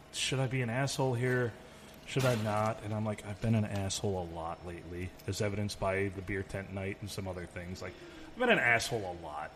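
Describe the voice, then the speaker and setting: A man co-hosting a podcast in casual chat, telling rambling stories and swearing freely. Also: on the low side. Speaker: podcast co-host. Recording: long reverb, faint room noise.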